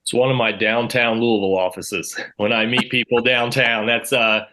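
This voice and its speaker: A man's voice: medium pitch, steady tone, moderate pace, bright, forceful tone. A man pastor on a panel, speaking easygoing with frequent fillers. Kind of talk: panel discussion.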